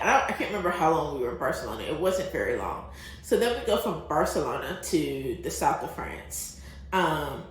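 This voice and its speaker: Chatty laughing woman in echoey room. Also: on the low side. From United States. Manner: chatty, laughs often, many fillers. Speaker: vlogger. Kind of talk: casual travel storytelling.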